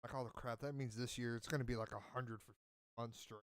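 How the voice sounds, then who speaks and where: A man's voice: mid-range voice, fairly even intonation, a little fast, clear, resonant tone, no echo. A man in casual chat who tells a rambling story and acts out what people said. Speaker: podcast host.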